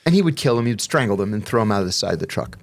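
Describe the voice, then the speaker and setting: A man, a guest on an interview show, telling profane stories in a casual, animated way. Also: lowish voice, rapid-fire, vocal fry. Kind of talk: casual storytelling.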